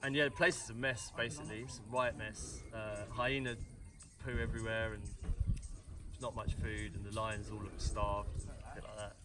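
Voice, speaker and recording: A man's voice: on the low side, flat delivery, moderate pace, far from the mic, noisy background. A British man retelling a story for his family with jokey asides and rambling restarts. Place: family home at Christmas.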